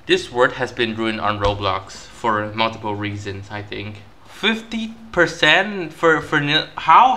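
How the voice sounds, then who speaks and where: A man doing gameplay commentary, panicky and self-mocking, repeating words in nervous bursts and shrieking high when caught. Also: bright, forceful tone, a little hiss or hum. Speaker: gaming YouTuber.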